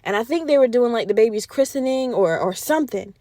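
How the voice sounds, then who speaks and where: High-voiced, animated woman podcaster. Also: brisk, no room sound, clean studio sound. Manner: animated, profane, slangy retelling. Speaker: podcast host. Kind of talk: casual comedic storytelling.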